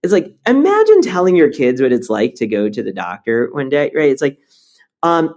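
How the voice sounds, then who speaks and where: Animated man, swooping voice. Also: a little high, normal speed. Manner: animated and blunt, swears, tells stories with energy. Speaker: startup founder and CEO, guest. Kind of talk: conversational interview.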